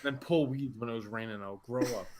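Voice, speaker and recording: A man's voice: mid-range voice, a little fast, a loud crowd. A young man co-hosting a gaming podcast, joking crudely and mock-ranting in casual banter. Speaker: podcast co-host.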